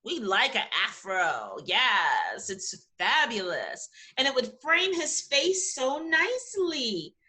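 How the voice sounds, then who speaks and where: Middle-aged female guest, bright slightly high voice, encouraging and complimentary. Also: wildly swooping pitch, slow, hardly any pauses. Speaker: interview guest, talent agency founder. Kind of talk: casual interview chat.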